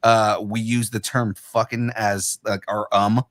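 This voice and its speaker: A man's voice: fairly low pitch, little pitch movement, unhurried, very noisy. A man hosting a casual podcast, talking loosely and swearing freely. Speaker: podcast host.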